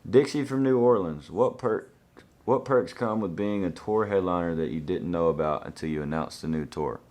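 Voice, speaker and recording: A man's voice: sits low, moderate pace, darkish tone. A young man, reading out fan questions and answering them in an easygoing, laid-back way.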